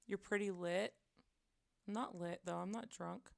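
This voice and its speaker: A woman livestreamer chatting casually while she draws, rambling and self-deprecating, often dropping to quiet mutters. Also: mid-range voice, fairly even intonation, unhurried, gravelly, no echo. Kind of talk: casual chat while drawing on stream.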